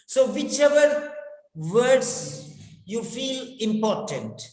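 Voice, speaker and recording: An unhurried teacher lectures on speaking, saying each key phrase twice and turning to the students to make a point. The voice rings through an echoey hall with a long tail of reverb. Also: mid-range voice, big pitch swings, a little mellow. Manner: repeats key phrases slowly for emphasis; instructive, addresses students directly. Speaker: spoken English teacher.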